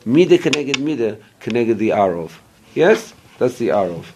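Guy teaching a bible class, mid pitch, keeps asking right?, stops to find words. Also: sing-song, mellow, a little hiss or hum. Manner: explains verse by verse and checks in with "right?"; pauses to search for English words. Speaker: Torah teacher.

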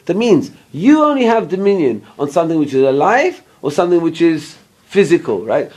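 This Torah teacher speaks a little high, with a darkish tone and a very animated delivery. His informal Bible class proceeds verse by verse as he checks in with listeners and occasionally breaks off to hunt for an English word.

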